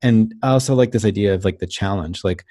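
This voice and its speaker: A man's voice: fairly low pitch, fast talker, warm tone, no echo, clean studio sound. A man interviewing a teacher, asking casual, thoughtful questions.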